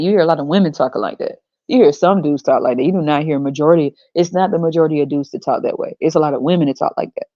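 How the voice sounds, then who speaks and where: A woman hosts a podcast and rants bluntly, swearing freely. Her voice is low and mellow. The recording is dry and a little dull. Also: fast talker, no room sound. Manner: blunt, profane, ranting. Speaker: podcast host. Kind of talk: ranting podcast monologue.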